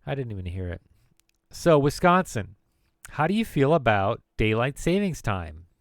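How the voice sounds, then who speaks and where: Male streamer, gravelly voice, dry close sound, loose and jokey banter. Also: mid-range voice, big pitch swings, a little fast, no room sound. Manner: rambling and jokey, riffing on words. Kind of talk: casual live-stream chat.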